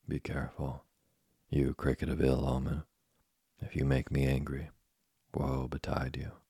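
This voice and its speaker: A man with a husky, gravelly voice reading the lines of a cheeky, rebellious wooden puppet boy in an audiobook. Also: very deep voice, completely flat delivery, unhurried, mellow, dry recording, studio quality, heavily acted. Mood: impatient. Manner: impatient and defiant.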